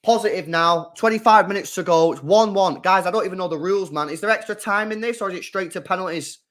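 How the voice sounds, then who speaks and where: A man hosts a live football watchalong, chatting with his viewers and reacting to every attack. His voice sits slightly high for a man. He bursts into loud shouts at big moments and drops to low mutters in between. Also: fast.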